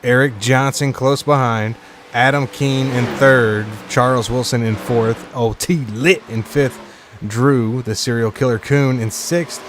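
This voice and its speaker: A man's voice: mid-range voice, steady tone, unhurried, noisy background. A man commentating a live sim racing stream in a casual, chatty way, reading viewer chat aloud between points updates.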